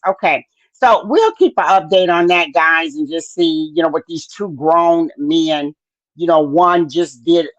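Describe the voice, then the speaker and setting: A podcast host with a lowish voice keeps her live stream casual and chatty, peppering it with fillers and calling out viewers by name. The recording sounds dry, dull and lo-fi.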